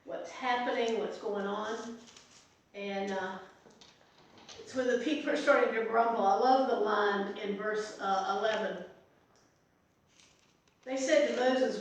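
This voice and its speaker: A woman's voice: mid-range voice, steady tone, unhurried, long pauses. A middle-aged woman pastor leading an informal Bible study, talking conversationally with asides, recorded from a distance in a church meeting room. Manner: conversational, chatty with asides and restarts. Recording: echoey room from far off.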